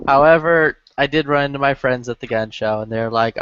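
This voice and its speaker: A man's voice: mid-range voice, fairly quick, few pauses, a bit bright, smooth, no room sound. A man in a casual, profane chat, bantering loosely with a co-host. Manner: laid-back, profane banter. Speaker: podcast co-host. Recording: dull dry home mic.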